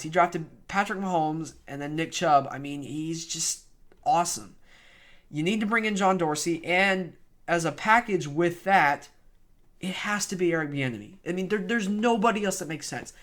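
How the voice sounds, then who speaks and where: A young man giving an unedited, opinionated rant about his favorite football team. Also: on the high side. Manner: opinionated, animated, ranting. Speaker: sports fan vlogger.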